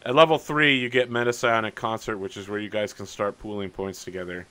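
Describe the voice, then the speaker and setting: A man's voice: fairly low pitch, fairly even intonation, brisk, pushed and bright, clean tone. A man running a tabletop game as game master, chatting casually and animatedly and reading rules aloud on a voice call.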